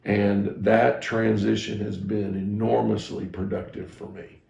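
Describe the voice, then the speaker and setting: Middle-aged male pastor, low gravelly voice, candid self-deprecating teaching talk, echoey room. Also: flat delivery, measured pace, a little mellow, lo-fi sound, a little hiss or hum. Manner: candid, self-deprecating storytelling with frequent restarts. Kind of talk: personal teaching talk to ministry staff.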